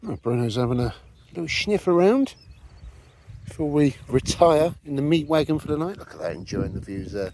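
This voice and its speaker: A man's voice: on the high side, big pitch swings, moderate pace, a little mellow, slight background noise. A man, filming a casual camping vlog on his phone from inside a van. He talks to the camera in a cheeky, jokey way. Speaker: vlogger.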